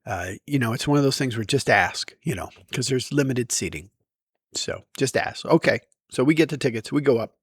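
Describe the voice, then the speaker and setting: A man telling embarrassing stories to camera in a casual, self-deprecating way, with lively bursts when he quotes himself. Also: mid-range voice, moderate pace, slightly rough, dry recording, studio quality. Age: adult. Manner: animated, self-deprecating, with bursts of loud quoting. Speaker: vlogger. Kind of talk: casual storytime monologue. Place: outdoors in daylight.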